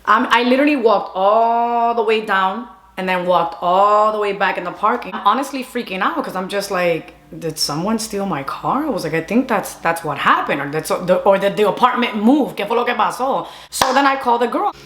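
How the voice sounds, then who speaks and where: A young woman tells a story in a casual, animated vlog style, sliding between English and Spanish as she talks. Her voice sits at a middle pitch. The sound carries the echo of a bare room. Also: normal speed, hardly any pauses. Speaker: storyteller vlogger. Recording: echoey room.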